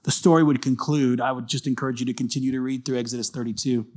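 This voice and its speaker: A man preaches in an easy, conversational way, earnest and direct with his listeners. His voice sits at an ordinary middle pitch. It sounds like a relaxed church talk rather than a formal address. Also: quick pace. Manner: casual, earnest, acts out short quoted lines. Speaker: pastor. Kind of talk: conversational sermon.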